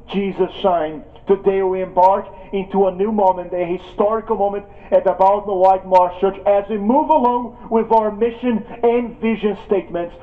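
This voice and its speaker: A man preaching a sermon as pastor of a church, telling a story with frequent restarts. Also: high-pitched. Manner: storytelling, repeats and restarts words. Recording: tinny phone-like sound.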